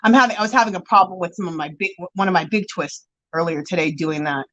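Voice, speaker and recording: A woman's voice: on the low side, quick pace, rough recording. A woman hosting a casual craft livestream, reading viewer comments aloud and greeting people by name in a chatty, gushing way while she works on her yarn. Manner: chatty, animated, with gushing exclamations. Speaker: livestream host.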